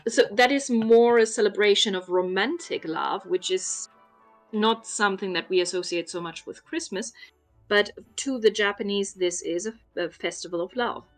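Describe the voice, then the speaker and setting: In a casual chat, a woman appears as a guest explaining Japanese Christmas, going through things patiently like a teacher and saying "um" often. Her voice is mid-range and her pace moderate, with soft music playing in the background.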